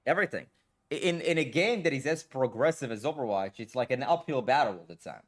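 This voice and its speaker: A man's voice: medium pitch, expressive, quick pace. A man streaming a game, talking in a blunt, profane casual rant full of fillers. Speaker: gaming streamer. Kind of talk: casual ranting stream talk.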